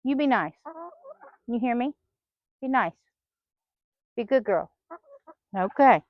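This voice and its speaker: A woman's voice: a little high, animated, slow pace, no room sound. A woman chatting while she does chores in a poultry pen, scolding her hens like children in a sing-song voice. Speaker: farm vlogger. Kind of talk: casual talk while doing farm chores. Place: outdoor poultry pen on a small farm. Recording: dull lo-fi outdoor recording.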